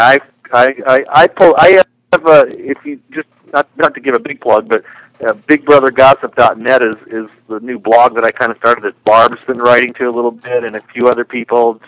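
A man's voice: medium pitch, a bit bright, dry recording, poor audio. A man calling in to a radio show, talking casually with many fillers and restarts. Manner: rambling, full of fillers. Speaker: caller. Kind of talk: casual call-in chat.

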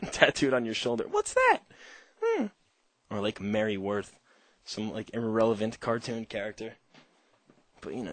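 A man's voice: mid-range voice, dry recording. A man hosting a call-in radio show, rambling through a casual monologue with heavy swearing and frequent laughter.

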